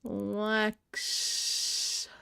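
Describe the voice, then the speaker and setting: A woman's voice: mid-range voice, completely flat delivery, very slow, gravelly, sharp tone, clean tone, dry recording. Chatty young woman streaming a game. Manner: chatty, reads and answers viewer chat aloud. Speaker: live-stream host. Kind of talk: casual live-stream chat while gaming.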